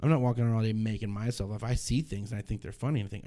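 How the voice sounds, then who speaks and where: A man's voice: lowish voice, fairly even intonation, rapid-fire, dark tone. Rambling male stand-up comedian chatting. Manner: rambling, self-interrupting, swears casually. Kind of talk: casual podcast conversation.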